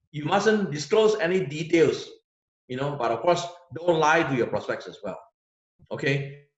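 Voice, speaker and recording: A man giving a sales training lecture, emphatic and repetitive, often checking in with "okay?". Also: on the high side. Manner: emphatic, repeats words, tag questions like "okay?". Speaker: business trainer. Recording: echoey room, dull lo-fi sound.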